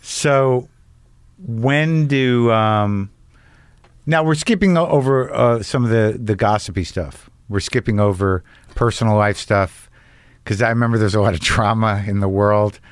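A man's voice: lowish voice, unhurried, smooth, no room sound. A man hosting a casual conversation, teasing and rambling with a wry edge. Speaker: podcast host. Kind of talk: casual chat.

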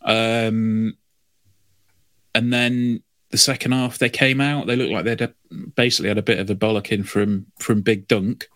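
A man's voice: fairly low pitch, steady tone, normal speed, a bit bright, dry recording. A man co-hosting a football podcast, talking in a rambling way with many fillers. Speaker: podcast co-host. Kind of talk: casual chat.

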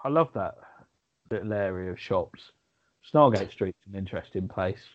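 A man's voice: low voice, lively intonation, highs cut off. A man co-hosting a casual podcast, teasing and joking with the others. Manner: joking, teasing, quick asides. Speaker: podcast co-host.

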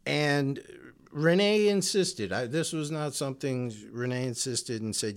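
Male podcast co-host, slightly higher voice, lively, teasing humor. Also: slow. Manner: jokey, teasing, hesitant with many ums. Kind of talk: casual podcast banter.

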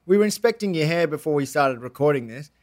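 A man's voice: fairly high pitch, expressive, fast. A man with an Australian accent, hosting a podcast in a playful, rambling way with many fillers. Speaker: podcast host. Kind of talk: casual podcast chat.

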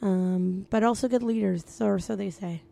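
Hoarse, gravelly woman in her thirties. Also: medium pitch, steady tone, normal speed, mellow. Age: 30s. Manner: wry, self-deprecating. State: hoarse from a lost voice. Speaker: podcast co-host. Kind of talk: casual chat.

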